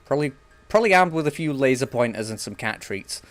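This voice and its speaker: A man's voice: medium pitch, lively intonation, quick pace, no echo. Young guy rambling thru a game stream, jokey, swears a bit. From England. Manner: rambling, joking, swears casually. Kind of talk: casual gameplay chat.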